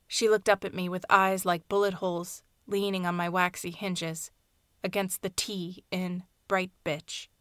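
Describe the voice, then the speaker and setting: A woman narrating a short story aloud in a soft, hushed, measured reading. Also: mid-range voice, dry recording, studio quality. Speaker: audiobook narrator. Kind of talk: scripted fiction narration.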